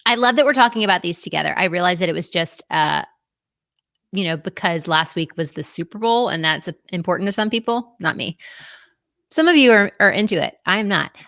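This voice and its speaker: A woman's voice: fairly low pitch, lively intonation, brisk, a bit bright, no echo, studio quality. A woman hosting a casual live-streamed chat, bubbly and chatty and laughing often, on a video call. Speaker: host.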